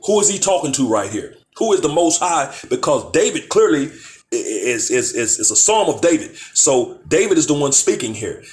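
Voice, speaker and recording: A man teaching from the Bible in a casual, conversational way, reading verses slowly and firing off rhetorical questions. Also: mid-range voice. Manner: conversational, peppered with "man, you know"; reads verses slowly and deliberately. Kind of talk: informal scripture teaching.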